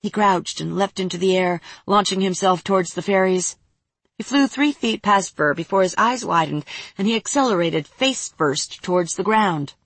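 A woman narrating a fantasy story aloud in a steady, even reading voice. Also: medium pitch, normal speed, breathy edge, dry recording.

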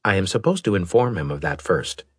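A man voicing a polite male alien AI that speaks in a formal, measured, robotic way. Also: low-pitched, lively intonation, husky, no room sound, studio quality.

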